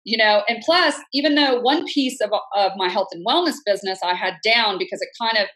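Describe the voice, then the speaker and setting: A woman's voice: medium pitch, fairly quick, rough recording. A woman in her fifties talks as a podcast guest, her voice sitting in an ordinary middle register. She tells her story with energy and candor, slipping into other people's lines as she quotes them. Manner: animated, acts out quoted speech, frank. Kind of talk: conversational storytelling.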